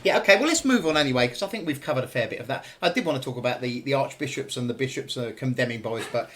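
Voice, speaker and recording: A man's voice: mid-range voice, animated, very fast, a bit bright, a little hiss or hum. A man hosting a political discussion podcast, leading topics and putting questions to his guests. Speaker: podcast host. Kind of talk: round-table political discussion.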